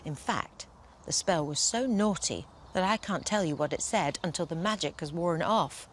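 A woman reading a bedtime story aloud in a gentle, expressive storytelling manner. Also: lowish voice, moderate pace, a little hiss or hum.

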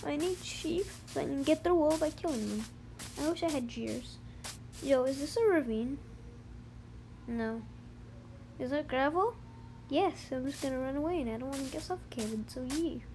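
A high-voiced young gamer chatting casually and humming little tunes while playing on a phone. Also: lively intonation, normal speed, pauses often, darkish tone, slight background noise. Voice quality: high-pitched voice. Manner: chatty, rambling, with playful sing-song humming. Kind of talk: casual let's-play commentary.

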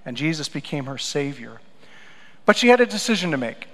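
A pastor preaching a sermon, telling stories and swinging between loud emphatic lines and quiet low asides. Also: male voice, very animated, fairly quick. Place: church sanctuary. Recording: church hall with long reverb.

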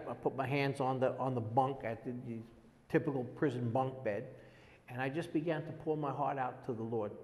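A man's voice: medium pitch, a little mellow. Earnest older man, echoey reverb. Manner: halting, repeats words, earnest storytelling. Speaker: interviewee. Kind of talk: personal testimony.

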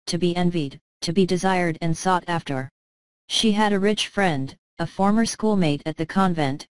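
A woman reading a classic short story aloud as narrator, calm and measured. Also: lowish voice, clean tone, no echo, low-quality recording. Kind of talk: scripted narration.

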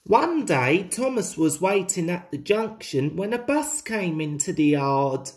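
A woman reads a children's story aloud at a slow, unhurried pace. Her voice sits low, and her intonation swings widely as she reads. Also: animated, darkish tone.

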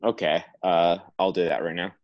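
A young man with a low, steady voice speaks at a moderate pace while playing a tabletop game over a video call. He talks casually and a bit hesitantly as he describes his character's moves, and the audio is muffled, as video calls often are.

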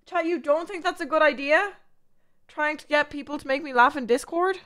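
A woman's voice: high-pitched, moderate pace, fairly bright tone. A young Irish woman streaming live, chatting bluntly to her viewers and swearing constantly. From Ireland. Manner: blunt, heavy swearing, rambling asides to chat. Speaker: livestreamer. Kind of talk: casual livestream chat.

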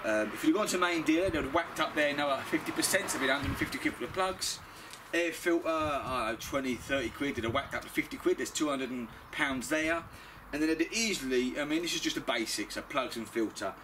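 A man's voice: a little high, a little fast, noisy background. A middle-aged British man chatting bluntly through a DIY car service, swearing freely as he works. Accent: British English. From Britain. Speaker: DIY car mechanic vlogger. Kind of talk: casual how-to commentary.

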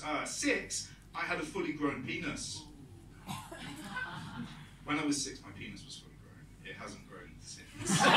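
Audience laughter rises around a young British man performing a rambling, self-mocking comedy set on a club stage. Speaking with a British accent in a fairly high voice, he acts out quoted dialogue, recorded from a distance with roomy sound and background noise.

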